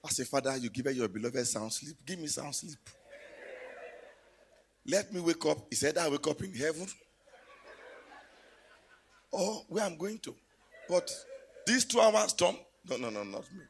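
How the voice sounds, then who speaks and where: Lively gravelly preacher man. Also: fairly high pitch, a little slow, pauses often, a little hiss or hum. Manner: storytelling, rising to loud exclamations. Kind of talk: sermon.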